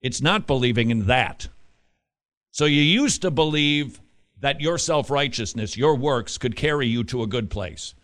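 A male Christian radio host with a lively, animated voice that swings up and down in pitch. He talks in a quick, chatty way and breaks into emphatic, forceful urging when he drives a point home. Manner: quick, chatty asides with restarts and laughs. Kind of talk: casual Christian radio talk.

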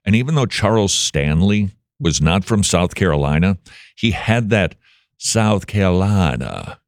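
A man's voice: low-pitched, animated, normal speed, no echo, studio quality. A man hosting a radio show, chatting casually and teasing his guest with jokes. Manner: joking, teasing banter. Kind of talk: casual interview chat.

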